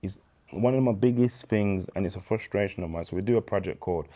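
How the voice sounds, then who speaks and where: Low, dark-voiced Birmingham man storytelling. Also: fast. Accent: Birmingham English. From England. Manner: animated, preacherly storytelling with slang. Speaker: guest, charity founder. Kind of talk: casual interview chat.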